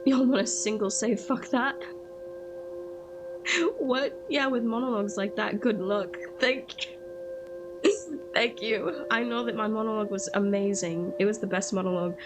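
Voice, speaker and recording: A woman streaming a video game, chatting casually and excitably and echoing the game text aloud. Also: mid-range voice, unhurried, pauses often. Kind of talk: casual gaming chat. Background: game music.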